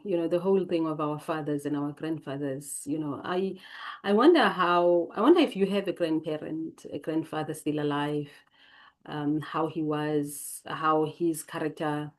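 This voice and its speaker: Mellow, reflective South African woman. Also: low voice. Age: late 40s. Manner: thoughtful, digressive, reads lines then comments. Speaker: channel host. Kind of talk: reflective personal storytelling from notes.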